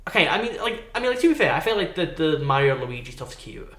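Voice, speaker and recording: A young man co-hosting a casual film podcast, animated and rambling, full of fillers and restarts. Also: on the high side, fast talker. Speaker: podcast co-host. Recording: roomy echo.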